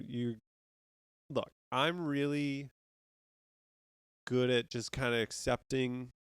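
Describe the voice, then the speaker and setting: Slow-talking man ranting, dry close sound. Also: medium pitch, clean tone, no room sound. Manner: profane, rambling, ranting. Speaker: podcast host. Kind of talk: casual sports rant.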